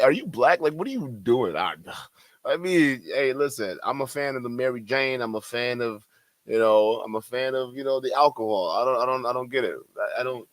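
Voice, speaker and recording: A man's voice: mid-range voice, a bit bright, no room sound. A man reacting to a clip with mocking, laughing, profane commentary. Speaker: commentary streamer.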